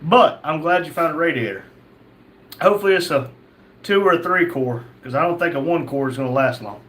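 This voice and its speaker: A man hosting a live stream, reading viewers' chat messages aloud and answering them in a relaxed, chatty way. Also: a little high, a little fast. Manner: reads chat names aloud, chatty and easygoing. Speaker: livestream host reading chat.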